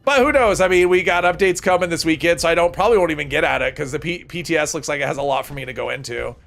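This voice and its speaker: Rambling gravelly-voiced man streaming a game. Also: a little high, rapid-fire, fairly bright tone. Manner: rambling, chats with viewers while playing. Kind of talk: casual gameplay commentary.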